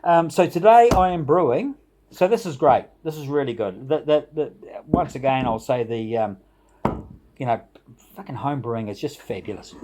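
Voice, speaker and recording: A man's voice: medium pitch, expressive, moderate pace, background noise. A middle-aged man hosting a home brewing vlog, chatting casually and enthusiastically, rambling a little and chuckling as he goes. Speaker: home brewing channel host. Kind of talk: casual vlog shout-outs.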